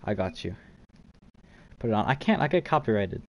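A man's voice: lowish voice, big pitch swings, moderate pace. A young man streaming a game, chatting casually with viewers, laughing and swearing easily. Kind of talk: casual live-stream chat while trading.

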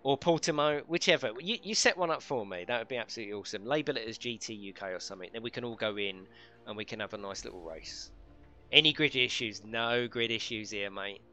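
A chatty man running a live game stream, his voice bright and forceful as he banters, swears lightly and laughs along. Faint music plays behind him. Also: lowish voice, fast talker, lo-fi sound. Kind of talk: casual live-stream chat.

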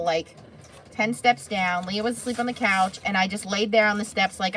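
A woman's voice: medium pitch, normal speed, fairly bright tone, a little hiss or hum. A woman hosting a crafting livestream, chatting casually and answering viewers' comments by name.

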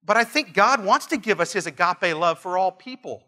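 Male pastor, middle-aged, bright slightly high voice, emphatic and repetitive sermon delivery. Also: expressive, moderate pace. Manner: earnest, emphatic, repeats phrases, storytelling asides.

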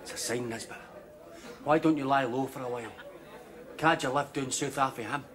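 A man's voice: medium pitch, normal speed, a bit bright, close to an everyday voice. An actor playing a smart-mouthed barman who teases his customers with dry wit in a sitcom.

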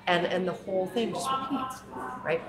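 A woman's voice: mid-range voice, normal speed. A woman talks with conviction and tags many of her points with "right?". She slips into mocking impressions of the people she quotes. The sound is roomy and echoey, with a crowd audible behind her. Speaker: speaker. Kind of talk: impassioned talk.

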